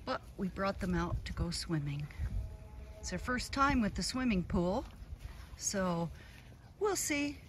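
A woman's voice: mid-range voice, big pitch swings, takes it slowly, long pauses. A woman dog breeder outdoors at her kennel, cooing baby talk to her puppies in between telling viewers about them. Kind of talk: casual outdoor video with puppies. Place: outdoors at a kennel on a hot day. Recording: loud background noise outdoors.

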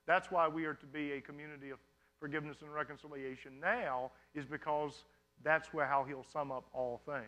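Bright-voiced male pastor, conversational. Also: on the high side, flat delivery, brisk. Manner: conversational, often checking in with "you understand?". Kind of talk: sermon Q&A.

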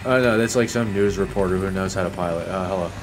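A man's voice: low-pitched, fast talker, music in the background. A man giving casual gameplay commentary, sarcastic and mock-polite, swearing often as he plays. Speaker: gaming YouTuber.

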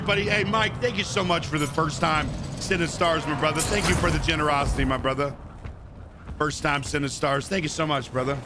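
A man's voice: vocal fry, background noise. Crude joking male game streamer. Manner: crude, joking, breaks into loud high-pitched bits. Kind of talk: casual live-stream banter.

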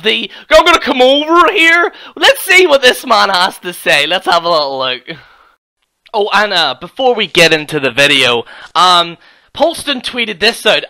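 A young Irish man, a wrestling YouTuber, ranting and mocking another channel in a profane, excitable reaction video. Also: sits high. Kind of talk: reaction rant.

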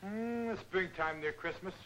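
An actor playing a cheerful, dim-witted boxer who rambles earnest slangy nonsense, in 1940s film comedy acting. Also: male voice, sits high, unhurried, fairly bright tone, a little hiss or hum, poor audio.

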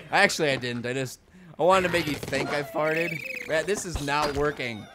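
A young man casually commenting on a mobile game, rambling nonsense and suddenly bursting into loud shouts. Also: fairly high pitch, normal speed, background noise. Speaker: gaming video host. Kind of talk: goofy let's-play commentary.

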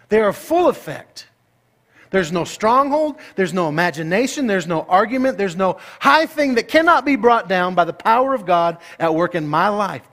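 A middle-aged man delivers a sermon as pastor, his voice sitting noticeably high. He tells stories playfully and climbs into excited outbursts. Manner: animated, playful storytelling that rises to excited, high-pitched outbursts.

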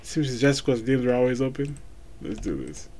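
A young man hosting a reaction video, relaxed and chatty, laughing easily. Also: mid-range voice, fast, a little hiss or hum. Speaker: reaction channel host. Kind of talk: casual reaction vlog.

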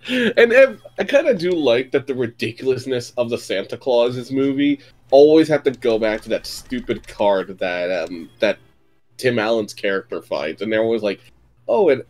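Man co-player, animated voice that jumps around, swears freely. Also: medium pitch, normal speed, soft background music. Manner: animated, swears, acts out quotes. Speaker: stream co-player. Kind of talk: casual group chat over a game stream.

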